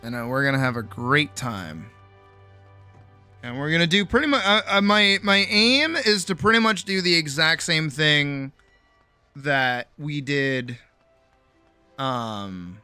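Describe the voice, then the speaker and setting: Male streamer, late-night casual chat, worn out with a sore jaw, bright forceful tone, loose and sweary, soft music under the desk mic. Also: a little high, animated, slow, pauses often, smooth. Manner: rambling, swears freely, self-mocking. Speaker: streamer and animator. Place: home streaming setup.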